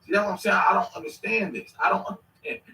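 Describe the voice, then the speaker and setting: A man's voice: high voice, quick pace, creaky, pushed and bright. A man casually reacting to clips on a stream, rambling and slangy with sudden bursts of laughter. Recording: echoey room, mic at a distance.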